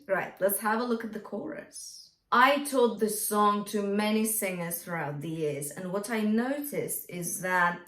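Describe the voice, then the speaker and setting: A woman's voice: medium pitch, fairly bright tone. A woman vocal coach teaching a singing lesson, often checking in with "yeah?" and singing short lines to demonstrate. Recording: roomy, from a distance.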